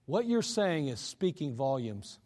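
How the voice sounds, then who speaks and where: A man's voice: a little high, big pitch swings, measured pace, a little mellow. A man preaching a sermon in a church, earnest and emphatic in a conversational way. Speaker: pastor. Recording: echoey church hall.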